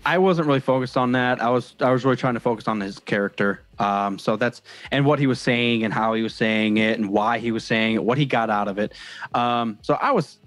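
A man's voice: medium pitch, fairly quick, a bit bright. A young man co-hosting a casual podcast, rambling and self-deprecating with many hesitations. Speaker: podcast co-host.

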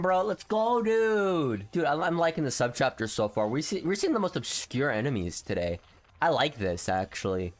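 A young man giving casual gameplay commentary, swinging between low grumbling and excited shouts. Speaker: gaming video host.

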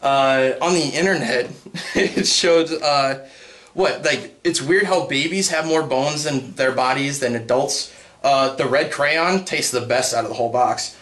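A young man doing a stand-up set for a live crowd, halting with many ums and uhs and breaking into high put-on voices. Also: a bit bright. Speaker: stand-up comedian. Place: comedy stage with a live audience.

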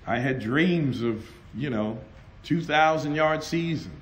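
A middle-aged man preaching a sermon at a conference, telling personal stories with animated, laughing delivery and acted-out dialogue. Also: fairly high pitch, takes it slowly, a little hiss or hum. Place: conference hall.

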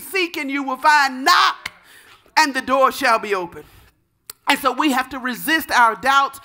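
Woman preacher, high bright voice, fervent sermon with shouted calls. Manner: softer, measured teaching tone. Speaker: pastor.

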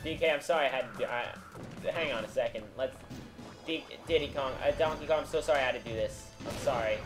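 A young man co-hosting a let's play, giving goofy, excitable commentary and bossing his partner around. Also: medium pitch, brisk. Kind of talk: casual gameplay commentary. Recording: game music underneath.

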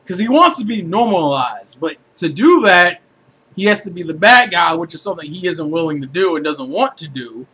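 A man giving a casual, animated anime review, full of swearing and filler words. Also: on the high side, normal speed, breathy edge. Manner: animated, profane, filler-heavy.

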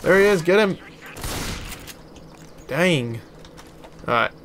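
A man giving casual let's play commentary as a gaming YouTuber, chatty and excitable, exclaiming at enemies and laughing. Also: fairly high pitch, slow, slight background noise.

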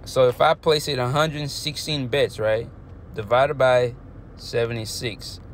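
A young man casually vlogging about his sports bets, slangy and animated, sometimes trailing off into quiet muttering and working through numbers haltingly. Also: medium pitch, slight background noise. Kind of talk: casual talk to camera.

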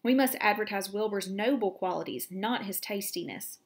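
A woman's voice: mid-range voice, moderate pace, natural voice. A woman voicing a patient, wise female spider while reading a storybook aloud to children. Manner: patient, gently commanding. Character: calm, wise, kindly female barn spider.

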